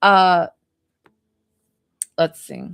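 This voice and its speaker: A woman's voice: very slow, a bit bright, no room sound, clean studio sound. A young woman giving a live psychic reading, talking in a rambling, hesitant way full of fillers like "like" and "um.". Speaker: psychic medium.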